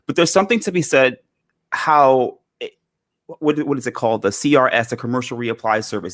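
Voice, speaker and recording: A man's voice: mid-range voice, fairly bright tone. Male co-host, mid voice, eager, rambling casual delivery. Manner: enthusiastic, repeats himself, searches for words. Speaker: podcast co-host. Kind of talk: casual enthusiastic chat.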